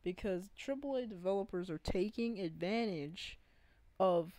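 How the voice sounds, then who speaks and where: A woman's voice: medium pitch, unhurried, darkish tone, no echo, rough recording. A woman in an unscripted gaming rant, earnest and pleading, often stopping to restart her sentences. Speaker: gaming vlogger.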